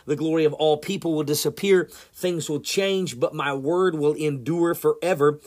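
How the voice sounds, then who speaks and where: A man's voice: a little high, fairly even intonation, normal speed, darkish tone. A man preaching an informal sermon, talking casually with many fillers, repeated words and restarts. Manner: conversational and repetitive, with frequent fillers and restarts.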